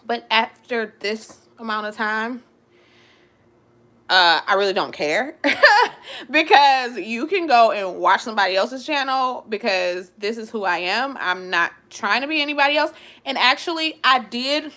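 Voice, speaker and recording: A young woman hosting a vlog, chatting casually and live with her viewers in an expressive, loud, giggly way. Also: fairly high pitch, a little slow. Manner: giggly, laughs often. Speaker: vlog host.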